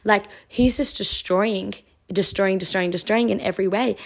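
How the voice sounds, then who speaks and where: Woman, devotional vlog, excited, gasps and gushes, raspy. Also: medium pitch, moderate pace. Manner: excited, gushing, reads scripture aloud with gasps. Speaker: Christian mom vlogger teaching the Bible. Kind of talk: casual devotional talk. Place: home kitchen.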